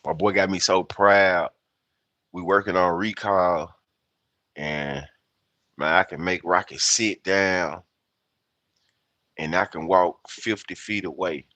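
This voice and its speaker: In a low, sharp voice, a fifty-something livestream host from Memphis talks slowly with frequent pauses, rambling, swearing and chuckling at himself. The recording is dry, with the highs cut off.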